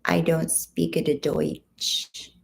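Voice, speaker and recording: Slow-talking woman host with a gravelly edge. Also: low voice, little pitch movement. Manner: chatty, warm greetings to viewers. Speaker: livestream host. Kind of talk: casual livestream chat, reading viewer comments.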